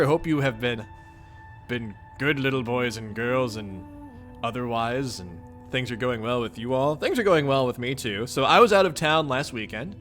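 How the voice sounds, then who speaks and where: With a Midwestern American accent, a young man greets viewers in a goofy, playful, upbeat way while reading a webcomic on his livestream. His medium-pitched, fairly bright voice has lively intonation at a moderate pace, with soft background music.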